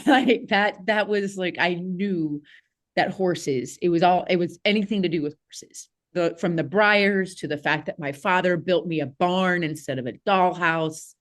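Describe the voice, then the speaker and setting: A woman, a podcast guest telling a childhood story in a casual, animated way with frequent laughs and fillers. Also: on the low side. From Southeast Missouri, USA.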